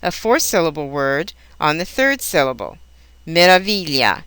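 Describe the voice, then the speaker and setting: A woman teaching a language lesson in scripted narration, pronouncing each example word slowly and carefully. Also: fairly low pitch, animated, sharp tone, clean tone, dry recording. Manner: slow, careful, precise enunciation of example words.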